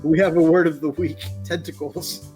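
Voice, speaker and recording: A man with a fairly high voice co-hosts a relaxed hobby live stream, joking around and laughing easily. Soft music plays faintly behind him. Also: normal speed. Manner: jokey, laughs often. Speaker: podcast co-host. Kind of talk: casual live-stream chat.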